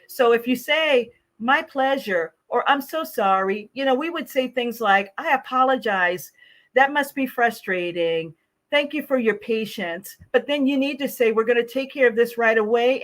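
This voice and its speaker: A woman hosting a podcast and training on customer service, talking in a lively, animated way, laughing often and acting out the phrases she quotes. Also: a little high. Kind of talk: casual podcast conversation.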